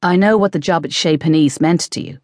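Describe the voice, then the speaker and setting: Woman reading easygoing chef guy, wry jokey banter, lowish dry voice. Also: a little fast, darkish tone, no room sound, lightly acted. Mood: earnest. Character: Irish chef, grown man, easygoing and teasing.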